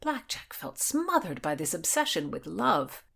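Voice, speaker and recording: A woman reads scripted narration for a storytelling podcast. Her delivery is measured and steady, in a slightly low voice. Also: vocal fry, breathy edge.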